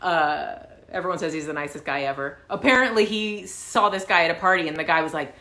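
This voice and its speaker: A woman host casually telling a story to her viewers, animated and swearing freely, with lots of fillers. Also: fairly low pitch, a little fast. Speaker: channel host. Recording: roomy echo.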